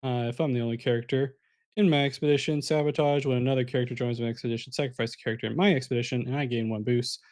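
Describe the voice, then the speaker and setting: A man with a mid-pitched voice calls an online card game match live. He talks in a loose, chatty way, explains each play as it happens and turns to speak to the viewers in chat. He sounds a little sleepy. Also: fairly even intonation, racing, a little mellow. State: sleepy, yawning. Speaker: caster.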